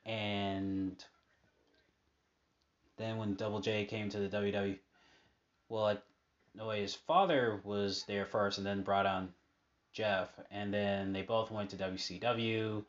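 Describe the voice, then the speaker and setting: Slow, low-voiced casual male commentator. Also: dull audio. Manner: unhurried, rambling with many fillers and asides. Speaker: fan commentating on old matches. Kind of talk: casual chat over match footage.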